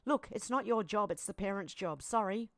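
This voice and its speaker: A woman's voice: mid-range voice, expressive, moderate pace, dry recording, clean studio sound. An Australian woman hosting a live stream, casually reading out posts and viewer comments with chatty asides. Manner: chatty, reacts aloud, with asides and fillers.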